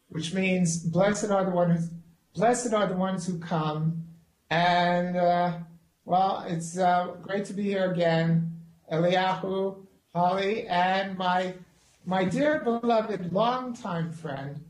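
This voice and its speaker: A man's voice: sits high, darkish tone, echoey room, poor audio. A man hosting a talk show who speaks hesitantly and welcomes his guest with many fillers. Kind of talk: casual interview chat.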